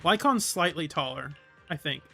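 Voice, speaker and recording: Chatty streamer with a lively pitch. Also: moderate pace, vocal fry, faint music behind. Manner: chatty, self-deprecating. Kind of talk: casual gameplay commentary.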